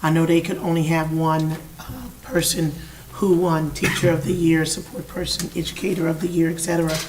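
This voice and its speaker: A hoarse woman speaking as a board member at a meeting, halting and full of fillers. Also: deep voice, little pitch movement, recorded from a distance, noisy background. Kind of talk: meeting remarks.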